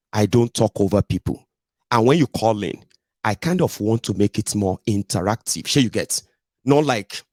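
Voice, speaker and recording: A man's voice: on the low side, a little mellow, dry recording. Blunt Nigerian man hosting his podcast. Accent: Nigerian English. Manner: digressive, blunt, peppered with pidgin tag questions. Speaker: podcast host. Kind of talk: casual ranting monologue.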